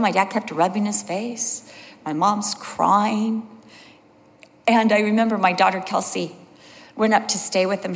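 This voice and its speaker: A middle-aged woman giving a sermon as a Bible teacher, telling personal stories and acting out the quotes. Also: mid-range voice. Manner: personal storytelling with acted quotes. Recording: long hall reverb.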